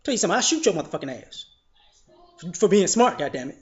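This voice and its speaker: A man giving a blunt, profane commentary monologue, telling stories in an animated way. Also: high voice, fast talker. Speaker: vlogger. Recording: slightly dull lo-fi audio.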